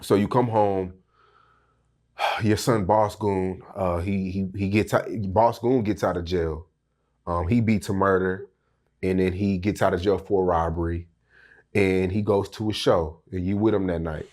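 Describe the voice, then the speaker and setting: A male interviewer giving calm, brief prompts and questions. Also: sits low, measured pace.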